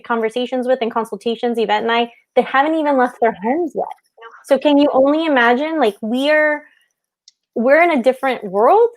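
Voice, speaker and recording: A woman co-hosting a casual live stream about wedding planning, talking with passion in quick bursts. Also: fairly high pitch. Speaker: wedding business co-host.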